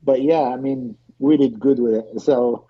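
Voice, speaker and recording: A man guest on a remote call, telling stories in a casual chat with lively, animated delivery and frequently repeated words. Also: medium pitch, measured pace, breathy edge. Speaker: guest bodybuilder. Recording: dull lo-fi call audio.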